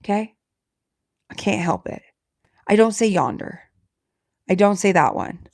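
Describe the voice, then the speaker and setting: A woman with a Southern Alabama accent chats with her livestream viewers in a self-deprecating way. She talks quickly and lets her words slur together. The sound is dry and close, with no room echo. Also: mid-range voice, lively intonation, creaky, darkish tone. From Alabama, USA. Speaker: livestream host. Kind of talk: casual live-stream chat with viewers.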